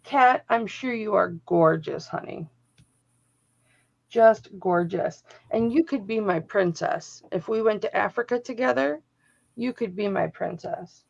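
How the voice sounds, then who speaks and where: Gravelly chatty woman on a livestream. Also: medium pitch, unhurried, darkish tone. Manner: chatty, joking, quotes people in her stories. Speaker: co-host. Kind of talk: casual storytelling chat. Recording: dull lo-fi livestream audio.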